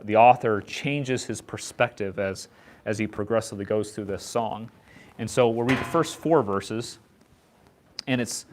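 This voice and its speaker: Man, Bible study leader, fairly low voice, halting delivery, repeats words, informal teaching. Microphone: set up far from the speakers.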